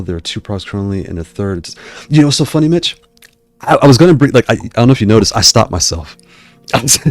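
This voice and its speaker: A man's voice: on the low side, dry recording. A man hosting a live stream, chatting casually with viewers in a rambling way, often stopping himself mid-sentence. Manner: rambling, self-interrupting, digressive. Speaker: YouTube host reading live chat.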